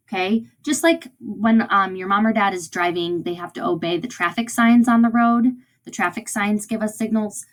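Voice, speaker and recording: A woman teacher speaks to young children in a recorded lesson. She is encouraging and keeps checking that they follow along. Her voice sits at a middle pitch for a woman. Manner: encouraging, often checks in with "right?" and "okay?".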